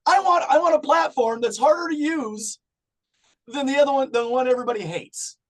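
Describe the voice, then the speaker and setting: Man, middle-aged, podcast guest, high-pitched, profane, loud bursts. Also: a little fast. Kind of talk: casual chat.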